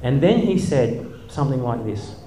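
A man's voice: mid-range voice, big pitch swings, normal speed, warm tone, a little hiss or hum. Wry man telling stories. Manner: self-deprecating, wry, chuckling asides. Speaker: speaker, former church leader. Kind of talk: humorous storytelling talk. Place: hall with a live audience. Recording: echoey hall.

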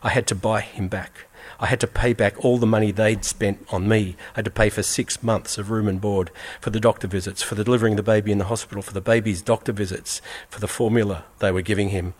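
A man reading a first-person story aloud in an earnest, measured way, repeating phrases for weight. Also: fairly low pitch, steady tone, slightly rough. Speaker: reader.

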